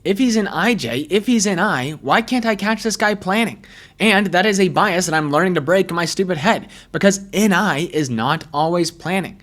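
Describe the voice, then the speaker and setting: A man's voice: high voice, lively intonation, moderate pace, fairly bright tone. A male host giving casual video commentary, chatty and self-deprecating as he thinks aloud. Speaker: personality-typing commentary host.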